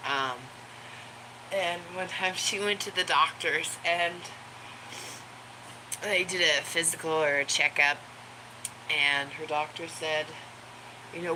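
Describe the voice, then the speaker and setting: A woman talks slowly and casually to her camera at home, stopping often for ums and small laughs. Her voice sits a little low, and household noise runs clearly behind her. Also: steady tone. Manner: rambling, with many ums and laughs; high baby talk to her pets. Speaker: vlogger.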